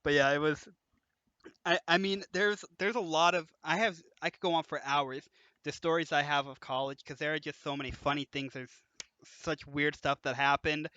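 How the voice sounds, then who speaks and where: A young man hosting a casual podcast chat tells animated college stories at a moderate pace, laughing his way through them in a bright, slightly high voice. The recording is dry and a little dull, as if captured on a cheap mic.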